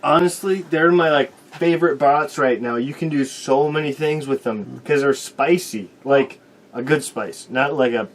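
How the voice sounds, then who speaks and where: A man's voice: a little high, moderate pace, rough recording. A man co-hosting a casual talk show, telling stories about his family and food. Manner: animated storyteller. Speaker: co-host. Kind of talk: casual chat.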